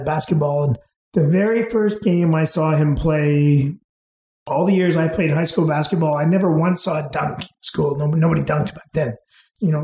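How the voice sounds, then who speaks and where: A middle-aged man, an interview guest, telling anecdotes in an unhurried way and chuckling as he goes. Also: a little high, dark tone, roomy sound, slight background noise. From Canada. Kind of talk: casual storytelling.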